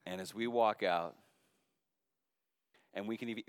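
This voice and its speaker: A man, a middle-aged pastor, preaching a sermon that moves between loud impassioned calls and soft, hushed appeals. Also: fairly low pitch, measured pace, pauses often, clean tone, no echo, clean studio sound.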